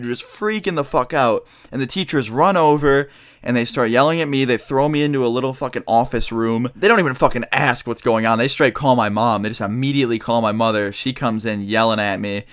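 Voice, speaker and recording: A man telling a childhood story in a vlog, talking fast, animated and full of swearing. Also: medium pitch, clean tone. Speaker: vlogger.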